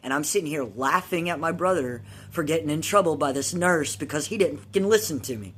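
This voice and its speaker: A man's voice: fairly high pitch, fairly quick, few pauses, fairly bright tone, breathy edge. A man telling a long personal story from his childhood in a casual, rambling way, swearing freely and laughing at his own telling.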